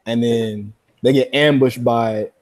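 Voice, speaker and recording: A man co-hosting a podcast in casual chat, retelling scenes excitedly with frequent laughter and slangy talk. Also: mid-range voice, takes it slowly. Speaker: podcast co-host.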